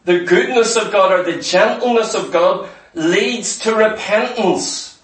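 A man preaching a sermon earnestly, sometimes dropping to a hushed, tender voice. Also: sits high, measured pace, echoey room, far from the mic, low-quality recording.

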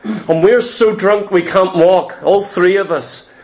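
A man's voice: high-pitched, slow pace, a little mellow. A man preaching a fervent, confessional testimony in a sermon, repeating key phrases for emphasis.

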